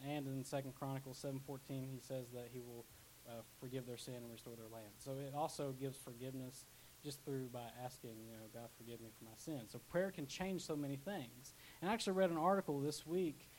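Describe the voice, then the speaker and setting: A man's voice: mid-range voice, a little mellow, rough recording. A young man preaching a casual sermon as pastor, chatty, with asides and restarts. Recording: faint hiss.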